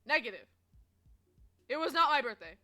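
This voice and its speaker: Bubbly high-voiced woman telling stories. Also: normal speed, faint music behind. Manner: chatty, animated, swears freely, laughs often. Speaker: streamer. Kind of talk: casual storytelling to chat.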